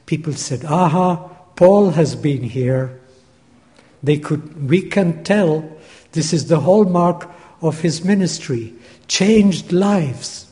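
A man preaching a Bible teaching sermon, measured and deliberate, repeating key phrases for emphasis, recorded in a large church hall. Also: on the high side, mellow. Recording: long hall reverb.

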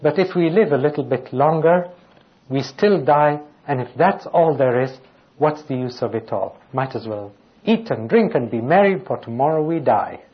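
A man's voice: mid-range voice, animated, moderate pace. Preaching man on a dull, lo-fi recording. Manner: reads scripture aloud and poses rhetorical questions. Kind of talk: sermon.

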